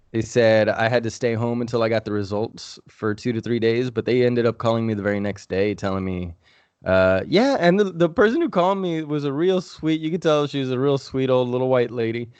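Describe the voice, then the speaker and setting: A man's voice: medium pitch, darkish tone, smooth, no room sound, muffled recording. A man in his thirties chatting casually on a podcast, rambling through a personal story with restarts and swearing. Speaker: podcast regular.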